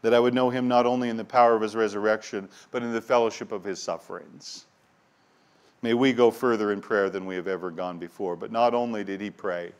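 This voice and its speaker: A male pastor delivering a sermon with deep feeling. He moves from quiet, low reflection to loud, rising appeals, and he stumbles and repeats words when the moment moves him. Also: steady tone, fairly quick, clean tone. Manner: impassioned, swings from hushed to loud and urgent.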